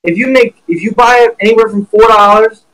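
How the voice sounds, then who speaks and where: A man teaching trading on a live stream with blunt, profane, animated talk while sharing his screen. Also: high voice, brisk, rough recording.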